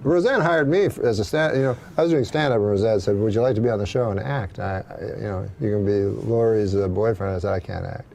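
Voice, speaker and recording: A man telling comic anecdotes on a talk show in a dry, deadpan manner. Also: fairly low pitch, quick pace, vocal fry, few pauses. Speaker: comedian.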